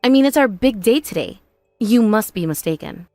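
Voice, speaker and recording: A woman voicing a patient young bride in an animated story, calm, earnest and reasoning. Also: mid-range voice, moderate pace, dry recording, lightly acted.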